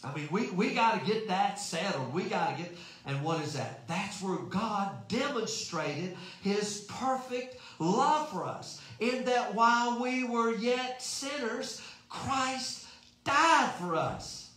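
A man's voice: high voice, lively intonation, slow pace, fairly bright tone. A man preaching a sermon in a folksy, emphatic way, asking rhetorical questions. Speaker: pastor. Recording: very echoey room.

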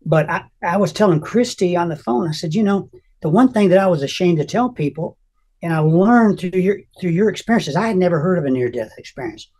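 An older man telling an emotional personal testimony as an interview guest, earnest and halting, often restarting his sentences. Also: sits high, animated, darkish tone.

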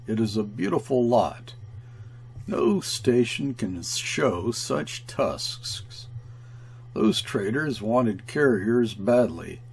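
A man reading aloud, voicing a calm, cunning male station clerk in short, broken phrases, slow and gravelly. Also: medium pitch, heavily acted.

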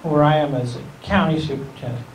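A county school superintendent gives an informal talk to a civic group in a meeting room, rambling and correcting himself with small chuckles. His voice is a little high and he talks fast. The recording has an echoey room, a distant mic, and faint hiss.

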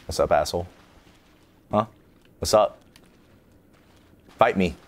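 A man commentating his own gameplay, swearing and yelling in frustration. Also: deep voice, takes it slowly. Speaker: let's play gamer. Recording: steady background noise.

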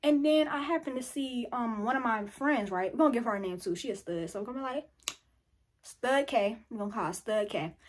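A teenage girl telling a story in casual chat, animated and full of profanity and slang. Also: a little high, fairly quick. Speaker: vlogger.

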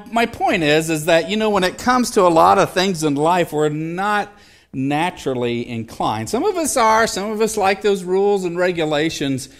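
Jokey conversational pastor, higher voice. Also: male voice, a bit bright. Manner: conversational, jokey, asks the audience questions. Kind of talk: sermon. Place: church sanctuary.

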